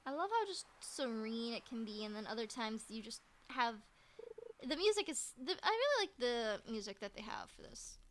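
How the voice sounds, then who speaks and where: A woman's voice: a little high, sing-song, moderate pace. A woman streaming a video game, chatting casually and playfully repeating herself as she plays. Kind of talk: casual gameplay commentary.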